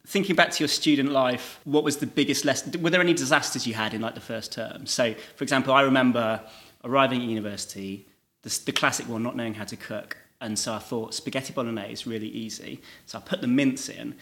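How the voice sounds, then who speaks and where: A man hosting a casual podcast, friendly and quick to laugh, recorded in a church hall. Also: medium pitch, fairly bright tone. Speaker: podcast host.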